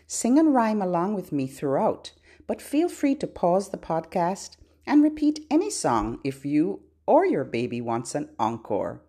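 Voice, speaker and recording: A woman who works as a children's librarian, hosting a podcast for babies and singing nursery rhymes and songs in a gentle, sing-songy way. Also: sing-song, slightly rough. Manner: gentle, slow and sing-songy, with playful high and low hellos.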